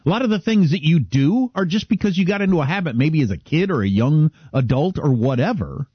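Animated, slightly husky male radio host. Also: on the high side, fairly quick, dry recording, muffled recording. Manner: chatty, animated, self-deprecating. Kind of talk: casual talk show chat.

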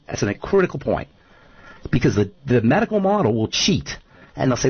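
A man's voice: medium pitch, very animated, quick pace, breathy edge, muffled recording. A man speaking as a nutrition expert guest on a radio talk show, emphatic and repeating his points, often telling stories.

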